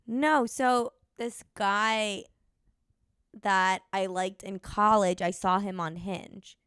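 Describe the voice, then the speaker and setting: A young woman co-hosts a podcast in easy conversation, trading jokes and asking questions. Her voice sits at a middle pitch. The recording is close and dry. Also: clear, resonant tone, no room sound. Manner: relaxed, teasing, quick to joke. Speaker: podcast co-host. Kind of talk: casual chat.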